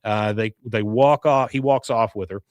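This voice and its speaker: A man's voice: fairly low pitch, steady tone, normal speed, dry recording, highs cut off. A man hosting a podcast, casually retelling a cartoon episode scene by scene, acting out quotes and chuckling often. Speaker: podcast host.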